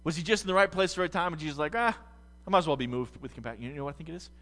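Speaking very fast at a fairly high pitch, an American man delivers a sermon as pastor in a large hall. He swings between quiet reflection and loud, fervent stretches.

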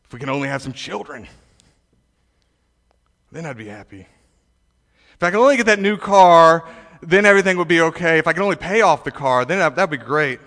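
Animated preacher with a bright high voice. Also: male voice, a little fast, pauses often. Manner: animated, emphatic preaching with repetitions and restarts. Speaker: pastor. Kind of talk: sermon. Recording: reverberant hall.

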